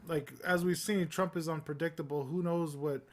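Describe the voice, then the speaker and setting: A man's voice: on the high side, fairly even intonation, moderate pace. A man co-hosting a casual news podcast, talking in a rambling, informal way with many fillers. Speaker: podcast co-host.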